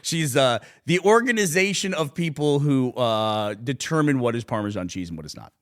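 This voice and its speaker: Speaking at a moderate pace in a mid-range voice, this podcast co-host spins animated stories in casual conversation, laughing a lot and putting on mocking voices for quotes.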